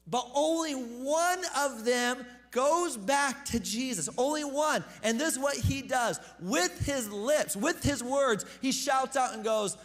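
A man preaching a casual, conversational sermon as pastor, joking with the congregation and repeating words when he gets excited. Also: very high voice, moderate pace, few pauses. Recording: long hall reverb.

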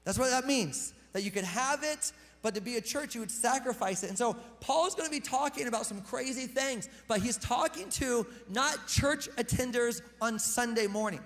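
A man preaching a sermon in a relaxed, conversational way, with slang and joking asides. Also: very high-pitched, normal speed, hardly any pauses, in a large hall. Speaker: pastor.

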